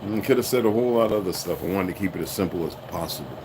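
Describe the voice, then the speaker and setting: Racing and expressive, this man's low voice delivers an unscripted livestream rant laced with heavy profanity. He speaks bluntly to his viewers as the host, with background noise in the audio.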